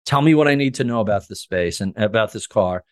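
A man's voice: on the low side, fairly quick. A middle-aged man telling stories in a casual podcast chat, acting out the conversations. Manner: animated, acts out conversations. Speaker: podcast guest. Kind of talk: casual storytelling.

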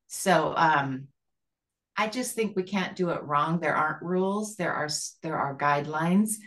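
A woman with a lowish voice speaks at a recovery meeting. She rambles earnestly, full of fillers and restarts. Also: fairly bright tone. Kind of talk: sharing at a support group call.

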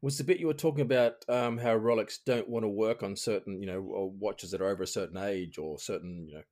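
A man with an Australian accent hosts a casual podcast chat, rattling through anecdotes at a quick clip. His voice sits a little low, and he laughs easily between thoughts. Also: darkish tone. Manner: quick, chatty, laughing storyteller. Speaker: podcast host.

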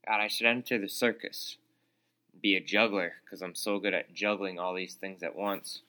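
Young guy podcasting solo, ranting, kinda sarcastic and fed up, bright lowish voice, lots of likes and uhs. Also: fairly even intonation, normal speed. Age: young adult. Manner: exasperated, sarcastic, lots of fillers. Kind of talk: casual ranting monologue. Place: small room, calls it his studio.

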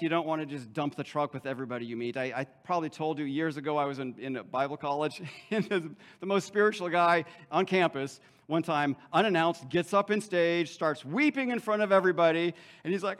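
A man's voice: a little high, fairly bright tone. A man preaching a sermon as pastor in a conversational way, with joking asides and frequent checks like "okay?".

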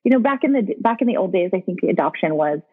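Frank, husky-voiced woman guest recounting her life over a tinny line. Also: medium pitch, lively intonation, fast, soft background music. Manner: frank, blunt, with occasional swearing. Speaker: podcast guest. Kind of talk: candid personal storytelling in conversation.

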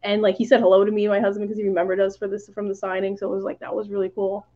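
A woman's voice: medium pitch, flat delivery, racing, highs cut off. A woman guest on a podcast, telling stories in casual chat, full of "like" fillers and acted-out quotes. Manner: chatty, many "like" fillers, acts out quoted lines.

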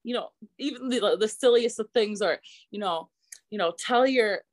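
A woman's voice: medium pitch, moderate pace. A woman in her thirties, a wedding photographer being interviewed, talking animatedly and laughing often. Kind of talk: casual conversational interview.

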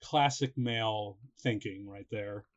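A man chatting casually about a movie, excitable and quick to laugh. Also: on the low side. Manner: laughs often, excitable asides. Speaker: co-host of a movie reaction. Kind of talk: casual chat. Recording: slightly dull lo-fi sound.

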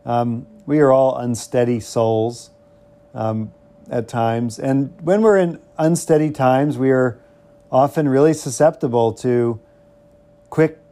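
Man musing on scripture, dark voice. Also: medium pitch, slow pace. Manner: musing, hesitant, many ums, wry asides. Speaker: podcast Bible teacher. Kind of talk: informal Bible teaching podcast.

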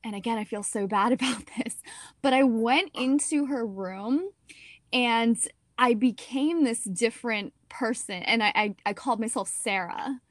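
A young woman actor telling stories in a casual interview, chatty and animated, with lots of "like" and "you know". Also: fairly high pitch, unhurried, dry recording, studio quality.

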